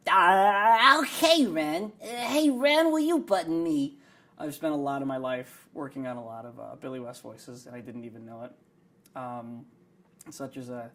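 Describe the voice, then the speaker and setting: A young man, an actor, chats in a behind-the-scenes interview. He rambles and hedges with plenty of fillers, poking fun at himself. His voice sits at an ordinary middle pitch. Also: a little mellow. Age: young adult. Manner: rambling, self-deprecating, many fillers.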